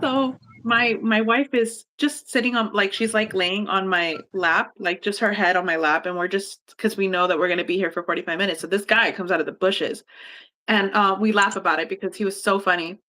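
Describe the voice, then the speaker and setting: Brief: lively woman, casual storyteller, bright voice, swears freely. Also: medium pitch, brisk. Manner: animated, swears freely, laughs often. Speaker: guest storyteller. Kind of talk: casual chat.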